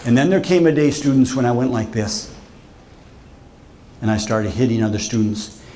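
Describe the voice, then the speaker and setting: A man's voice: medium pitch, lively intonation, moderate pace, warm tone, a little hiss or hum. A man, a visiting author, telling stories to students in a school auditorium in a theatrical way and addressing them directly. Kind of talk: storytelling talk to a school assembly.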